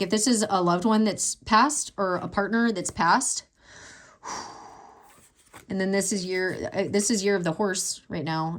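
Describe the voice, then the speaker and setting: Giving a casual tarot reading in a medium-pitched voice, she thinks aloud in a meandering, emotional way and lets her voice drop to a whisper as she reads to herself.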